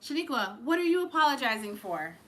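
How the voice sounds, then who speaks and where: Bright-voiced tearful woman psychic. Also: sits high, very animated, brisk. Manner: emotional, rambling, with frequent swearing and restarts. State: fighting back tears. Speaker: psychic reader hosting a live stream. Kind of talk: live-streamed channeled reading.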